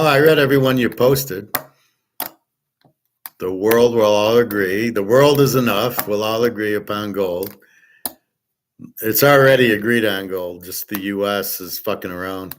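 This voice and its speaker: A man teaching a relaxed online class, blunt and profane, rambling with restarts and answering viewers' chat. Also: lowish voice, measured pace, slight background noise. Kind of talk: casual livestream lecture.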